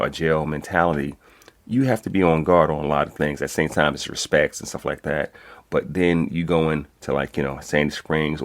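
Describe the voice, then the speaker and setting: A man, talking as an interview guest in an animated, streetwise way and swearing freely. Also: very deep voice. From Brooklyn, New York. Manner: animated, streetwise, swears freely, many "you know what I'm saying". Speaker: guest, code enforcement instructor. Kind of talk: casual interview talk.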